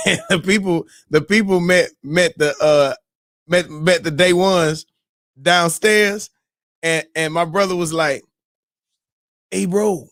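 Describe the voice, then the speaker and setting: A man hosting a morning show, telling a story in a loose, animated way, whooping and mimicking crowd voices. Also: on the high side, slow, dry recording, studio quality. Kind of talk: casual storytelling.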